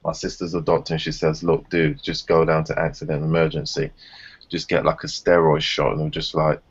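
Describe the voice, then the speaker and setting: A man's voice: brisk, breathy edge. A man chatting casually on a group video call, telling stories and acting out other people's voices. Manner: animated storyteller, acts out others in high voices. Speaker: round table panelist. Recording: dull lo-fi call audio.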